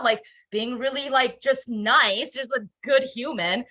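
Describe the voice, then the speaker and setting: A young adult woman telling her life story in a relaxed interview, lively and full of fillers and repeats. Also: a little high, measured pace. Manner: animated, many fillers and repeated words. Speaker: guest. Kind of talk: conversational storytelling.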